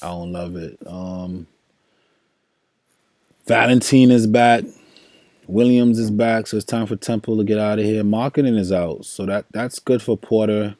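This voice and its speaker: Low, dark-voiced slangy man. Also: steady tone, unhurried, no room sound, studio quality. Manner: loose slangy talk, thinks aloud, chats with viewers. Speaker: fantasy sports streamer. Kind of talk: casual livestream chat.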